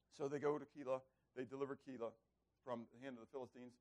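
A man's voice: mid-range voice, steady tone, fast talker, a little mellow. A man preaching a bible lesson, asking rhetorical questions and acting out characters. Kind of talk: bible teaching sermon.

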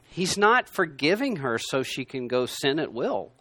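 Guy teaching a bible class, chatty but punchy, bouncy pitch, slightly high voice. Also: very animated, measured pace, dry recording. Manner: conversational, emphatic, swings from loud to quiet. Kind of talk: sermon. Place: room with a gathered class.

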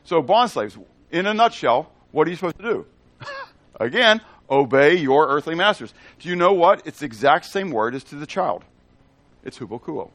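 Man preaching, animated swinging pitch, fairly high voice, keeps checking in with the room, dry close sound. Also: normal speed, dry recording. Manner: conversational, keeps checking in with the audience; asks the audience questions and repeats phrases. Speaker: Bible teacher. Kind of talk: expository Bible teaching.

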